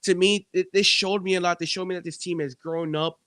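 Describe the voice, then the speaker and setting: Man, co-host, sports betting podcast, high voice, animated, talks to his partner, dry sound. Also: fairly quick, dry recording.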